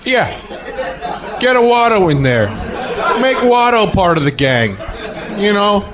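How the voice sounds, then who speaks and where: A man's voice: high voice, sing-song, a little slow, a crowd in the background. A man doing a giggling comedy impression of an older filmmaker, rambling and breaking character on a noisy podcast. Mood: giggly rambling.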